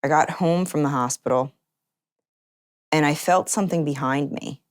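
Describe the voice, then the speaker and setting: A woman's voice: low voice, normal speed. A woman recounting her own experience in an interview, chatty and loose, leaning on filler words as she talks. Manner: chatty, heavy use of "like" fillers. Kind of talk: casual personal storytelling.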